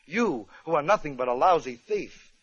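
A haughty young English noblewoman, as a male comedian puts her on, prim and melodramatic. The voice sits high. It comes through a dull, lo-fi old radio sound. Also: lively intonation, normal speed, heavy background noise, natural voice.

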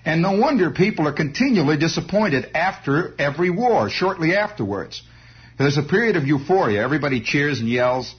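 A man's voice: on the high side, lively intonation, brisk, husky. A man telling a rambling comic monologue in a wry storytelling manner, throwing in sound effects. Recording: dull lo-fi recording.

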